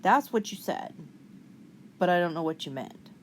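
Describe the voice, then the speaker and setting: A woman hosting a commentary video, calmly and skeptically rebutting the clips she plays. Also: fairly low pitch, normal speed, slight background noise. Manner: calm, skeptical, wry rebuttals. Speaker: commentary channel host. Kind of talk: reaction commentary.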